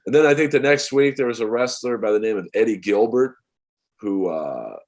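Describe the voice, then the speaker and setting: A comedian in his forties, a man telling rambling, animated stories as a podcast guest. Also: lowish voice, normal speed. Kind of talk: casual podcast chat.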